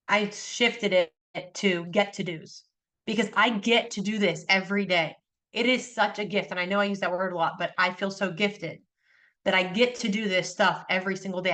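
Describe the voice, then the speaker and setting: A woman's voice: medium pitch, a bit bright. A woman, likely in her thirties, a podcast guest talking earnestly and animatedly in casual conversation.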